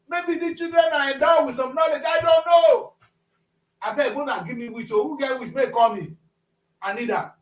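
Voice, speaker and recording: Nigerian talk-show co-host, man, very high lively voice, roomy and distant sound. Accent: Nigerian Pidgin-inflected English. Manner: animated, switches into Pidgin, rhetorical questions. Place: studio. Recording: echoey, from off-mic.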